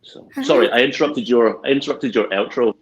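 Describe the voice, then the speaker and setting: A Scottish man chats on a podcast with an animated, storytelling energy. His voice sits at a middle pitch. The recording is slightly dull and muffled. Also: fairly quick. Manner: animated storyteller, laughs as he talks. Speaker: podcast co-host. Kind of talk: casual chat.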